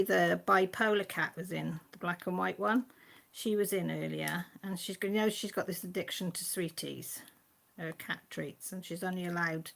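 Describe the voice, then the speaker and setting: A woman's voice: lowish voice, gravelly, fairly bright tone. A woman hosting a casual live-stream chat from home, reading out and answering viewer comments. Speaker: channel host. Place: at home with her pets.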